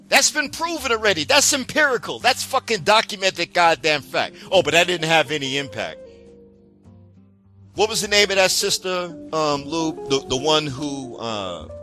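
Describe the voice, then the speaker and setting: A man's voice: a little high, bright, forceful tone. A man delivering a heated, profane political rant, full of sarcasm and mocking asides. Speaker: political commentator.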